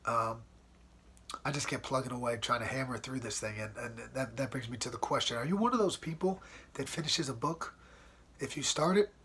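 A man's voice: medium pitch, fairly quick, bright, forceful tone, breathy edge. A man hosting his own podcast from home, talking casually and peppering his talk with "man" and "dude.". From United States. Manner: laid-back, chatty, says "man" and "dude" a lot. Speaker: podcast host. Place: at home in front of a white wall.

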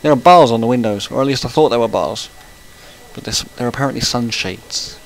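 A man's voice: mid-range voice, brisk, rough recording. Rambling man chatting while gaming. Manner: rambling and chatty, breaking off to react to the game. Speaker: gaming channel host. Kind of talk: casual let's-play commentary.

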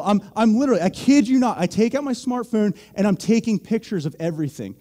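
Joking young preacher, high mellow voice. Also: male voice, animated, quick pace. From Pennsylvania. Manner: joking, storytelling, self-deprecating. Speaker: pastor. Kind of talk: sermon.

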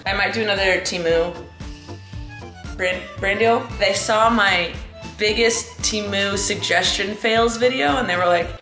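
A woman's voice: mid-range voice, a little slow, bright, forceful tone, echoey room, faint music behind. A woman talking casually to camera at home, playful and rambling, poking fun at herself. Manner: playful, rambling, self-mocking. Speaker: vlogger. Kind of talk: casual daily vlog.

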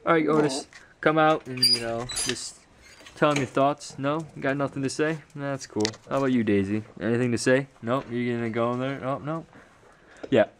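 A teenage boy rambles through a casual home vlog, his voice at an ordinary middle pitch. He talks loosely and is full of fillers and restarts, making fun of himself. He sounds worn out after a hard practice. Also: steady tone, normal speed, background noise. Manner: rambling, self-mocking, many fillers. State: tired from sports practice. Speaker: vlogger.

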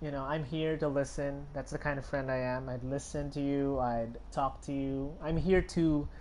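A man's voice: mid-range voice, fairly even intonation, moderate pace, a little mellow, slight background noise. A young man streaming a game, talking to viewers in a rambling, sympathetic way with many fillers and restarts. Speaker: gaming streamer. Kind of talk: live gameplay commentary.

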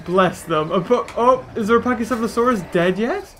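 A man giving excitable let's-play commentary as a gaming video host, exclaiming at the action on screen. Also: sits high, a little fast, a little hiss or hum.

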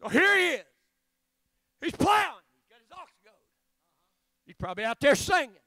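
High-voiced revival preacher. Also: male voice, sing-song, normal speed. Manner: folksy storytelling, bursts of shouting. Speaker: guest preacher. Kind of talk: revival sermon.

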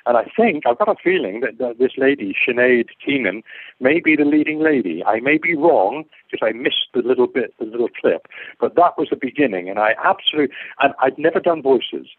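An older Englishman appears as a guest actor, telling rambling interview anecdotes that wander off, repeat words, and lose the thread. His mid-range voice is animated, a little fast, and breathy, with no echo, heard over a muffled, phone-like call line.

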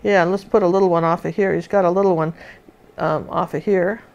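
A woman's voice: lowish voice, fairly even intonation, a little fast, a little mellow, muffled recording. A woman teaching a live painting lesson, chatting and thinking aloud as she works.

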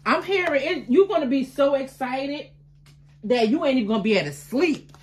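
A woman giving a tarot card reading to her viewers, chatty and affectionate, with excitable bursts of laughter and exclamations. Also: high-pitched, a little fast. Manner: chatty, affectionate, calls listeners baby.

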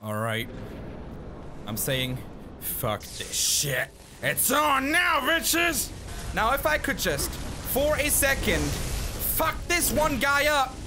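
A man giving let's play commentary, swearing and exasperated, bursting into shouts, with game music behind. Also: very high voice, wildly swooping pitch, takes it slowly, heavy background noise. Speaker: gaming YouTuber.

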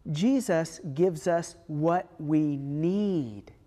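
A woman pastor preaching a sermon in a relaxed, conversational storytelling way. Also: low voice, very slow, long reverb tail.

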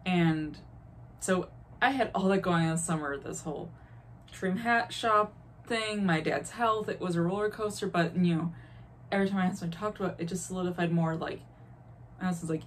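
A woman in her thirties from the Chicago area talks straight to her viewers in a loose, candid storytelling style. Her voice sits a little low, and she drops into the voices of the people in her story as she goes. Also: moderate pace, a little hiss or hum. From Chicago area, Illinois. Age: 30s. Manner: chatty and candid, acts out quoted exchanges. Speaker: vlogger. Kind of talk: casual life-update storytelling.

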